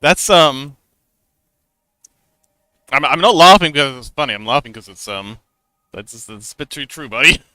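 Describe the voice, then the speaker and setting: Bright, lively man chatting while drawing. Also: on the high side, normal speed, long pauses, no echo. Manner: rambling and self-deprecating, laughs often, mutters to himself while working. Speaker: livestreaming artist. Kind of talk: casual chat while drawing on a livestream.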